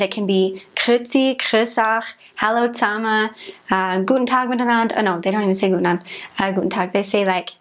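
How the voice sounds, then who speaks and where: A woman's voice: mid-range voice, low-quality recording. A young adult woman, a former missionary, explaining in a chatty, rambling way with many filler words. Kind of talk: casual conversational explanation.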